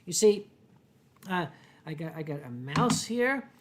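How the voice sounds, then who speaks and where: A man with a Philadelphia accent hosting a casual livestream from home, reading viewer comments in a dry, wry way and often clearing his throat. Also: on the high side, very animated, measured pace. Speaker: livestream host. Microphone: desk microphone.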